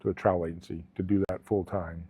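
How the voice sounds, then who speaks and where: A middle-aged man from Alabama, once a police officer and now a travel agency owner, is the guest in a casual interview, telling stories in an earnest, rambling way full of restarts. He talks fast with a low, flat, warm voice that has a breathy edge. The sound has no echo and is dry and tinny, similar to a phone.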